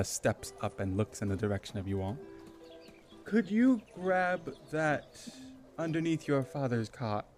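A man's voice: fairly low pitch, darkish tone. Man narrating as game master. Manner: descriptive narration, with frequent filler ums.

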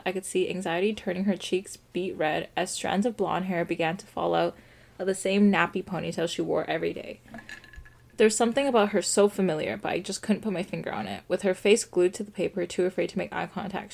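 A woman's voice: fairly low pitch, creaky, darkish tone. A young woman casually reading a story aloud on a podcast, adding her own offhand remarks.

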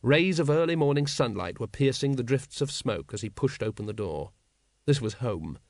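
Male narrator, lively pitch, wry storytelling, dry close recording. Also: normal speed, creaky, no room sound. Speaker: audiobook narrator. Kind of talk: scripted narration.

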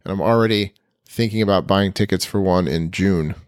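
A man's voice: low voice, a little fast, clean tone, dry recording, clean studio sound. A man co-hosting a podcast in casual chat, rambling and playful, often restarting his sentences. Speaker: podcast co-host.

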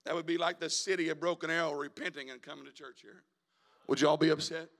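A male evangelist, preaching a sermon in a church, moving from quiet talk to shouted preaching. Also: on the high side, fairly even intonation, fast talker. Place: church sanctuary.

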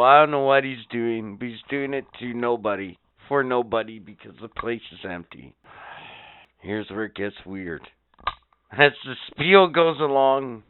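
A man's voice: medium pitch, smooth, dry recording, narrow, tinny audio. A man co-hosting a podcast, telling a story in crude, sarcastic casual chat and swearing often. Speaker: podcast co-host.

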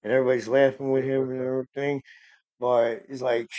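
On his casual faith podcast, a man rambles earnestly in a dark, mellow voice of medium pitch, keeping a level tone though he gets heated about preachers. He speaks fast with few pauses. The sound is close and dry, free of room echo.

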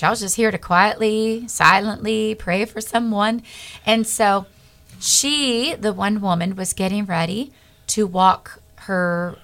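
A middle-aged woman speaks as a guest on a Christian talk show. Her voice is bright and forward, with the earnest, animated delivery of someone reliving a personal testimony. She acts out the dialogue of each person in the story. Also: medium pitch, slow.

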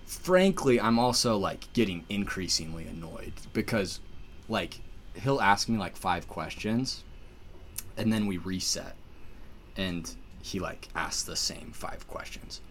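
A man's voice: sits low, takes it slowly, slight background noise. A man telling a story in casual chat, full of "like"s and restarts. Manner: animated, filler-heavy storytelling with many "like"s. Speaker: podcast guest telling a story.

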